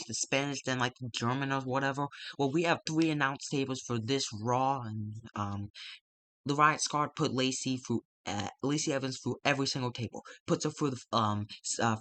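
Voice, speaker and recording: A man with a mid-range, pushed and bright voice, recorded with no echo, casually recaps the results of his wrestling simulation game. He rambles with lots of fillers and the occasional swear word.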